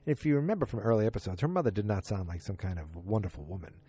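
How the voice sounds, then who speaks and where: A male podcast host recaps a show episode casually and ramblingly, correcting himself as he goes and loosely acting out the characters' lines. His voice is on the low side, dark and a little breathy, very animated and very fast.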